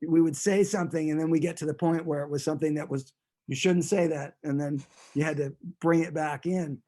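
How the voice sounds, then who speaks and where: This man talks briskly as he spins a story for a relaxed interview in which he's the guest. Amused and rambling, he often restarts what he's saying, and his voice sits a bit high for a man.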